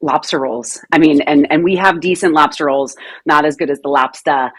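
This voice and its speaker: Woman guest from New Jersey, low voice, chatty and self-deprecating, dry close recording. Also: a little fast, slightly rough, no echo. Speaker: guest, communication expert and author. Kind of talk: casual interview chat.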